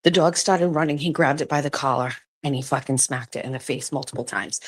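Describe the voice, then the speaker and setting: Female host with a low voice, loose chatty storyteller, swears freely, recorded in an office. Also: brisk, husky. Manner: chatty, swears freely, breaks off to talk to others. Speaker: show host. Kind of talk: casual storytelling to a live audience.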